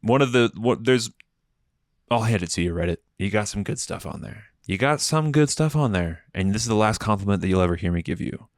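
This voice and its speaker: A man's voice: on the low side, quick pace, dry recording. A man hosting a comedy podcast, rambling through a casual, profane, sardonic monologue into a close mic. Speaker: podcast host.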